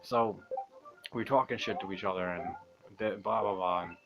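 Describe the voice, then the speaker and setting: Low-voiced young man, rambling and profane. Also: moderate pace, loud music behind the voice. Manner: rambling, profane, self-mocking, laughs often. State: talking quietly at night. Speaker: gaming channel host. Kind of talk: casual storytelling over gameplay.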